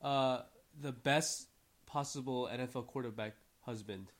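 A man's voice: medium pitch, a little slow, a loud crowd. A man from the United States co-hosting a podcast in casual back-and-forth chat. He talks in a playful, teasing way, ribbing his co-host.

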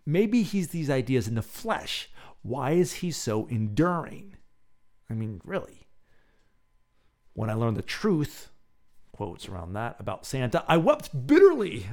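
A man hosting his own podcast, reading a reflective essay aloud and then guiding listeners through a gentle breathing exercise. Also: medium pitch, big pitch swings, unhurried. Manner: soft, gentle and reflective, hushed when counting breaths. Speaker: podcast host.

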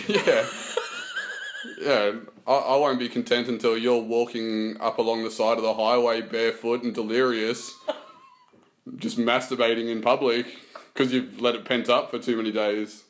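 A man's voice: medium pitch, little pitch movement, moderate pace. A middle-aged man, co-hosting a casual comedic chat with rambling, crude jokes. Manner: joking, rambling, crude humor. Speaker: podcast co-host.

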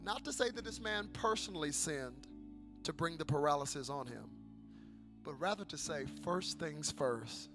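A male pastor preaching a sermon in a church service, dropping to hushed storytelling and then building to shouted calls for the congregation to answer back. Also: fairly high pitch, expressive, moderate pace, music in the background. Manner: call-and-response with the congregation.

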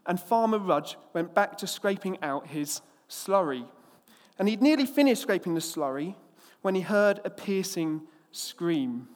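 An English man preaches a sermon, starting with a lively anecdote where he plays out each character before moving into scripture. His voice sits high, and the recording has the sound of a large room.

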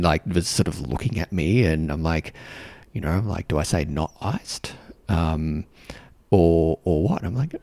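A man's voice: low voice, darkish tone, no room sound, clean studio sound. A man hosting a podcast, telling a self-deprecating story in a casual, reflective monologue. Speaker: podcast host.

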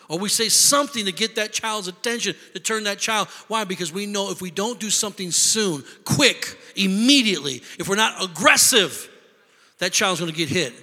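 A man preaching a sermon, telling stories with lively voices and shouted lines for emphasis. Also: sits high, big-room sound. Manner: animated storytelling, shouting for emphasis. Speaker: pastor.

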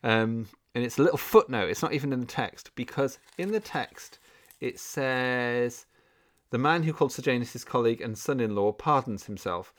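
A man's voice: mid-range voice, moderate pace. A man co-hosting a podcast, telling a story in a casual chat, laughing often and acting out quotes. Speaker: podcast co-host.

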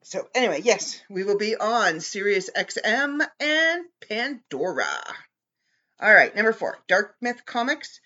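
A woman hosts her podcast in loose, casual chat, her bright voice swinging up and down in pitch as she talks at an unhurried pace. She bickers playfully with someone off-mic, all through a dull, lo-fi home mic. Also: very animated. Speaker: podcast host.

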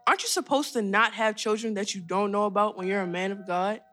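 A woman's voice: mid-range voice, quick pace, fairly bright tone, soft background music, lightly acted. A woman voicing a blunt twelve-year-old girl who is looking for her father in an audio drama. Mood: indignant. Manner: blunt, questioning.

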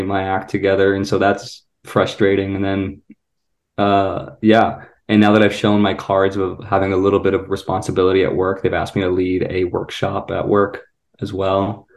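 A man with a lowish voice describes his busy week in a dry, self-deprecating way, sliding in small jokes. He sounds like he is talking into a video call. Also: monotone, moderate pace, a little mellow. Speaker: comedian guest. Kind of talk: casual chat.

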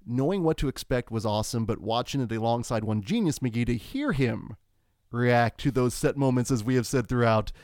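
A male podcast host with a smooth, resonant voice runs the conversation in an upbeat way. The recording is dry with no room sound, and his pitch sits in the middle range. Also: moderate pace, darkish tone, no echo. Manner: upbeat, wraps up and passes to guests. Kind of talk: casual podcast chat.

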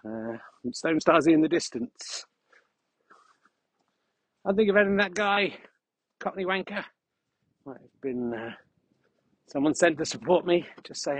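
A man rambling through a deadpan, mock-grandiose comic monologue while walking his dog across open fields, recorded on a mic he carries. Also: on the high side, measured pace, pauses often, no room sound.

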